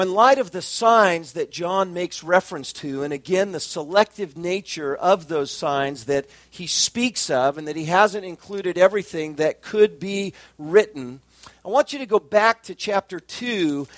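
A man preaching an expository sermon, measured and emphatic, slowing down to stress key phrases. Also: high voice, fairly bright tone, no echo. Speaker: pastor.

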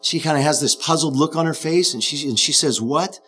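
A man's voice: on the high side, fairly quick, a bit bright, slightly rough, faint music behind. A man preaching a sermon, earnestly retelling a film scene as an illustration.

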